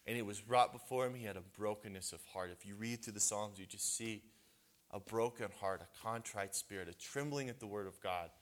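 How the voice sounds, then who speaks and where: A man's voice: fairly low pitch, fairly quick. A man giving a conversational sermon at a men's retreat, earnest and casual, often restarting his sentences.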